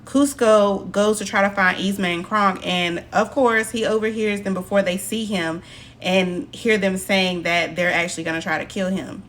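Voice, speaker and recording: A woman's voice: medium pitch, steady tone, moderate pace, fairly bright tone. A woman casually retelling a film's plot in a chatty way, quoting the characters in her own voice. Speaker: film recap narrator.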